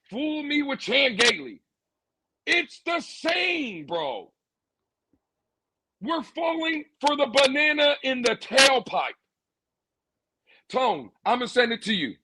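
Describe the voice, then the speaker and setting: A man's voice: high voice, bright, forceful tone, slight background noise, poor audio. A man ranting sarcastically as a sports podcast co-host, repeating lines for emphasis. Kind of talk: heated sports commentary.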